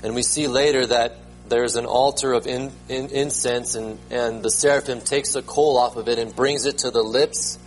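A man's voice: medium pitch, fairly even intonation, normal speed, faint music behind, poor audio. A man preaching a sermon as pastor, emphatic, repeating words and rising sharply when he proclaims them.

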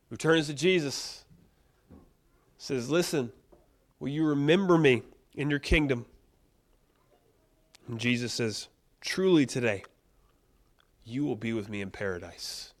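A man preaching a sermon in a conversational, animated way, with frequent restarts and rhetorical questions. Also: medium pitch. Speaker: pastor.

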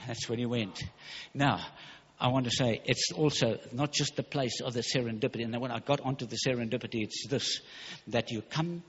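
Fervent preacher in a big hall. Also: male voice, mid-range voice, breathy edge. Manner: fervent, emphatic, rushing with stumbles. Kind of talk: sermon. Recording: dull recording in a large hall.

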